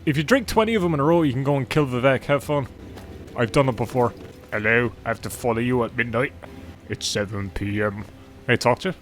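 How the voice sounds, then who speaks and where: A man's voice: medium pitch, brisk. A young man giving casual, jokey gameplay commentary and swearing freely. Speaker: gaming YouTuber. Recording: faint game music behind.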